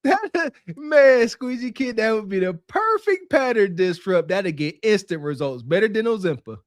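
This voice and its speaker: A man co-hosts a podcast with casual, mocking commentary and laughs often. His voice sits high for a man, and the recording is close and dry with no room sound. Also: sing-song, normal speed, no room sound. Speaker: podcast co-host.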